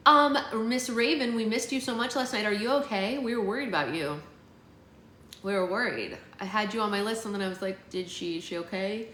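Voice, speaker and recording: A woman's voice: medium pitch, brisk, fairly bright tone. A woman hosting a book club livestream, chatting casually with viewers by name and using many fillers. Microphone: phone livestream. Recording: roomy with faint background noise.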